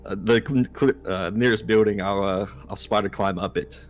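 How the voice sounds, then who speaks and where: A man playing a tabletop game, breathing hard and describing his moves slowly with many fillers. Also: lowish voice, fairly even intonation, faint music behind. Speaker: player. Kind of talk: casual tabletop play.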